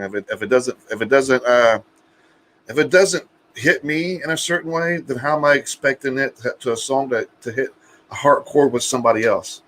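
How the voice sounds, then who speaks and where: Man, mid-pitched live-stream co-host, crude joker who stammers and repeats words, faint background noise. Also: a bit bright. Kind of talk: casual banter.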